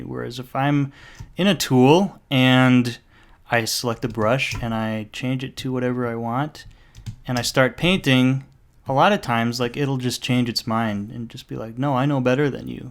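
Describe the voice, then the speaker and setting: A man talking through a software drawing tutorial in a casual, rambling way, breaking off into jokey asides. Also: medium pitch. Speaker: tutorial maker.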